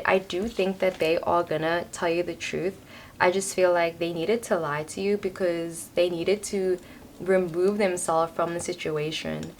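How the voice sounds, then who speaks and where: A woman's voice: fairly low pitch, slight background noise. A young woman giving a casual tarot reading to a camera on a tripod, talking in a loose, chatty way full of "like" and "you know". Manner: chatty, filler-heavy, lots of "like" and "you know". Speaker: tarot reader.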